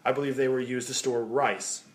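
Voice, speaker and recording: A Midwestern man co-hosts a podcast, his mid-range voice holding a steady tone at normal speed. He spins long stories in casual chat, rambling along, swearing, and laughing as he tells them.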